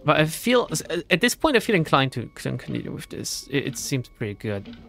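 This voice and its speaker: A man's voice: a little high, very animated, brisk, vocal fry, fairly bright tone, soft background music. A man commentating his own horror game playthrough, chatting and reading item text aloud. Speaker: gaming streamer. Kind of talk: let's play commentary.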